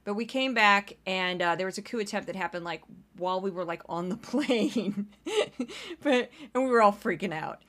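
A woman's voice: mid-range voice, expressive, moderate pace, fairly bright tone. An American woman hosting a casual solo podcast, chatty and rambling, laughing often into a home microphone. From United States. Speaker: podcast host.

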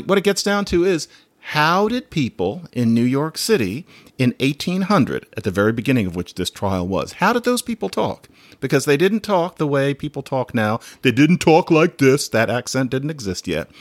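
A man's voice: on the high side, sing-song, moderate pace, no room sound. A man hosting a solo podcast, talking in a chatty, digressive way and laughing now and then. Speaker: podcast host.

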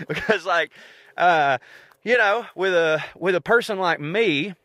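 Ranting alone, this Southern-accented man, a comedian who hosts a podcast, rambles casually, swears, and pokes fun at himself. He speaks at normal speed in a high, bright, forceful voice, and there's no echo.

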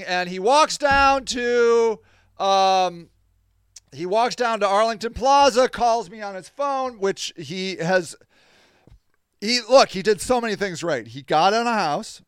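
A man with a high, smooth voice tells a story casually and with a lot of energy. He sounds exasperated, swears freely and laughs now and then. The sound is dry and close, with no room echo. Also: fairly bright tone. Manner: laughs between lines. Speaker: podcast host.

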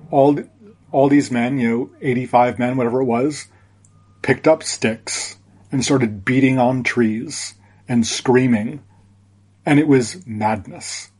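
A man guest on a podcast, telling a reflective story in a halting way, with many restarts. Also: mid-range voice, a little mellow, husky.

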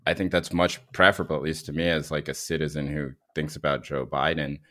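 A man's voice: a bass voice, little pitch movement, a little fast, sharp tone. A man co-hosting a casual political chat, rambling with many fillers and restarts. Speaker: podcast co-host.

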